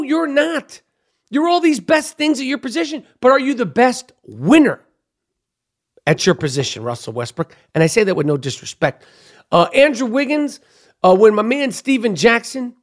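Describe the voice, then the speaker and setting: A man hosting a sports talk show, ranting profanely and speaking straight to the players he criticizes. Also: high-pitched. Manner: profane, emphatic, addresses players directly. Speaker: sports podcast host. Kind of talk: opinionated sports rant.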